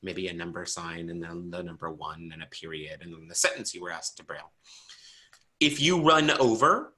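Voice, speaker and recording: Brief: male teacher on a video call, bright tone, quizzes students and jokes as he explains. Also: fairly low pitch. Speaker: braille teacher. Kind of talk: online class instruction.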